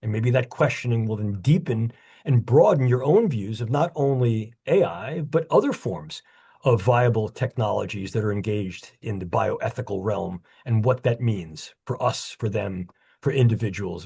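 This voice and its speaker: A man's voice: fairly low pitch, animated, normal speed, gravelly, mellow, breathy edge. A man with a New York accent closing his online lecture, earnest and courteous, speaking over a video call. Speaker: guest lecturer.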